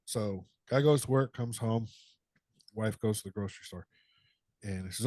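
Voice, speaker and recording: A man's voice: on the low side, darkish tone, dry recording. A man co-hosting a podcast, telling a long dirty joke in a profane, rambling way. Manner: profane, drawn-out storyteller. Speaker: podcast co-host. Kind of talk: casual chat, telling a joke.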